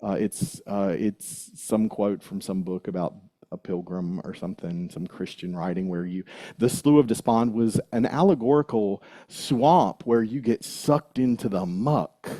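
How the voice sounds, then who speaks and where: A man's voice: fairly low pitch, a little slow, no echo, studio quality. A man, possibly, giving a conversational, jokey sermon and talking directly to his congregation. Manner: animated, jokey, talks to congregation. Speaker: minister.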